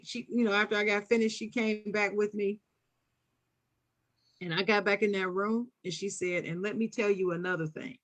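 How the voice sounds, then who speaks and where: A woman with a Philadelphia accent telling a childhood story on a casual podcast, acting out the voices she quotes. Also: medium pitch. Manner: animated, acts out quoted voices. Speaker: podcast co-host.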